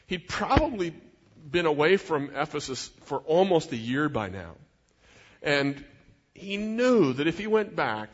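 A middle-aged man preaching a sermon as a pastor, in an earnest, conversational way with personal asides. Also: fairly high pitch. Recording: dull sound in a reverberant hall.

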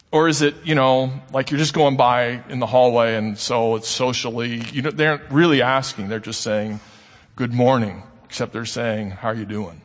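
Male pastor, sermon, conversational, rhetorical questions, mid-pitched voice, long hall reverb.

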